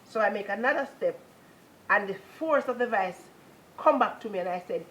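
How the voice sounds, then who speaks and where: A woman's voice: on the high side, expressive, normal speed, a bit bright, muffled recording. A woman with a Jamaican accent giving a personal religious testimony, telling her story earnestly and moving into repetitive, preaching praise.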